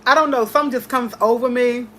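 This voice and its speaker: A woman with a fairly high voice talks in a casual, heartfelt way, repeating her points with excited emphasis. A faint hiss sits under her speech. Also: quick pace. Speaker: host. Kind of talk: casual chat.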